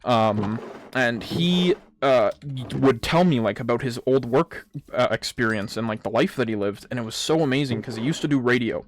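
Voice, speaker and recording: A man's voice: mid-range voice, animated, moderate pace. Swearing young man rambling while gaming. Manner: rambling, heavy swearing, lots of fillers. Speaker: gaming vlogger.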